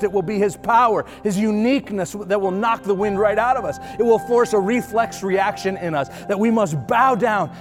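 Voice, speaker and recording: High-voiced man preaching a sermon. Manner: preaching with rising intensity and repetition. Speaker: pastor.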